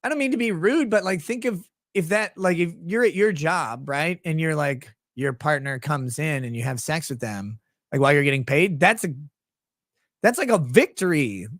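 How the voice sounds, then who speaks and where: A man's voice: a little high, animated, moderate pace, a bit bright, dry recording, studio quality. A young man from Minnesota hosting a livestream, rambling and crude as he jokes and reads out viewer messages. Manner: rambling, crude and joking, with frequent fillers. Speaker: livestream host. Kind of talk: casual livestream chat reading super chats.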